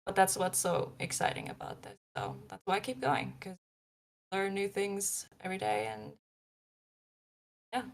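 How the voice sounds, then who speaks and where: Gravelly-voiced young woman, rambling storyteller. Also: mid-range voice, sing-song, moderate pace, pauses often, slight background noise. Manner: rambling, many likes and ums. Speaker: paranormal investigator guest. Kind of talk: casual live-show interview.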